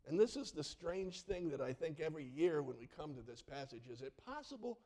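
Middle-aged pastor, man, sermon storyteller, slightly high voice, acts out characters. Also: brisk. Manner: animated, acts out voices in his stories.

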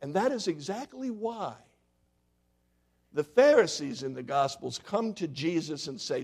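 A male pastor preaching a sermon in a church sanctuary, putting questions to the congregation and swinging from loud to hushed. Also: a little high, lively intonation, a little slow, slightly rough.

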